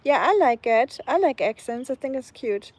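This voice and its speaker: A woman's voice: high-pitched, animated, normal speed, a little mellow, low-quality recording. A young woman from Germany with a German accent, chatting casually and laughing often as she walks her dog outside on a live stream. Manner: chatty, laughs often, reads and answers chat. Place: outdoors, walking a dog.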